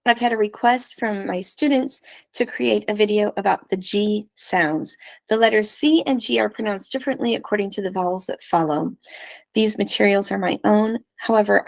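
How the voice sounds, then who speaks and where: A woman teaching Spanish pronunciation, leading slow repeat-after-me drills of syllables and sentences. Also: medium pitch, vocal fry, dry recording.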